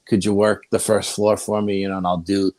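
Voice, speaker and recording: A man with a New York accent telling rambling, animated anecdotes as a guest in a casual chat. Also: sits low, a little fast, no echo. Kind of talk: casual storytelling.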